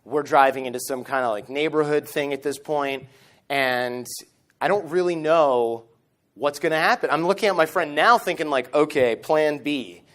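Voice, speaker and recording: A man in his thirties giving a storytelling talk at a conference stage microphone, animated and acting out the lines he quotes. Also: fairly high pitch, moderate pace. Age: 30s. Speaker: conference speaker.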